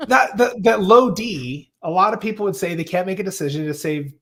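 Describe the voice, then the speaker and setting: A man's voice: sits high, animated, a little fast, fairly bright tone. A man coaching a couple on their personality profiles, analytical and playful, acting out the things they say to each other. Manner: analytical and playful, acts out quoted remarks. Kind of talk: explaining personality profiles on a live show.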